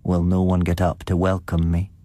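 A man's voice: low voice, normal speed, no room sound, natural voice. A man voicing a cold, lifeless undead grandfather in a spoken ghost story. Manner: dead, flat voice.

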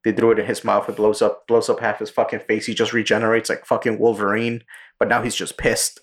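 A man co-hosting a podcast, casually retelling a movie plot with lots of swearing and quick character voices. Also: fairly low pitch. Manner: profane, animated storytelling with quick character impressions. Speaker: podcast co-host.

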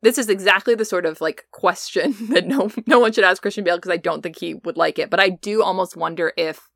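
A woman's voice: on the low side, fairly quick, gravelly, a bit bright, no room sound, clean studio sound. A woman co-hosting a podcast in casual chat, thoughtful and analytical, full of "like" and "you know". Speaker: podcast co-host.

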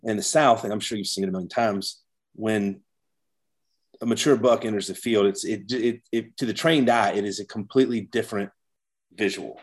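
A man's voice: lowish voice, fairly even intonation, normal speed. Rambling man telling hunting stories. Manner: rambling storyteller with many restarts. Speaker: podcast guest. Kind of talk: casual chat.

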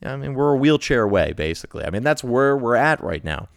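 A man's voice: mid-range voice, very animated, a little fast, vocal fry, dry recording, studio quality. A man hosting a political commentary show, delivering a profane, mocking, sarcastic rant.

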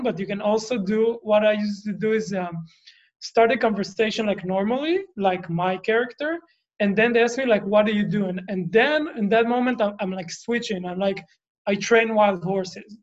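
High-voiced hesitant man, lo-fi sound. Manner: hesitant, filler-heavy. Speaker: workshop participant. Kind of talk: casual chat.

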